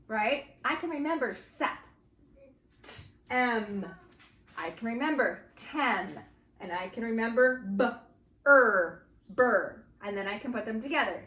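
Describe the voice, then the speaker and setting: A woman teaching young children a morning lesson from her home, speaking slowly and clearly and leading them through chants and counting. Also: a little high, fairly bright tone, roomy sound, slight background noise.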